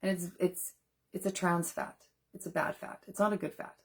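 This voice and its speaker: A woman's voice: lowish voice, steady tone, moderate pace, creaky. A woman who works as a nutrition coach, chatting earnestly and straight to viewers on a live stream and answering their comments. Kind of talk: casual live-stream chat.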